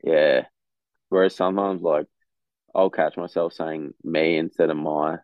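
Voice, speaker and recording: A man's voice: very deep voice, fairly even intonation, measured pace, dry recording. A young Australian man with an Australian accent, chatting as a guest on a podcast in a laid-back, frank way. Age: young adult. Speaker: guest athlete. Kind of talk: casual podcast chat. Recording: tinny phone-like line, dry.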